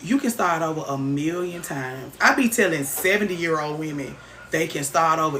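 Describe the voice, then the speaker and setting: A woman's voice: deep voice, lively intonation, moderate pace, fairly bright tone. A woman hosting a casual livestream, reading viewer comments aloud and teasing them, swearing freely. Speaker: livestream host. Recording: roomy echo, faint background noise.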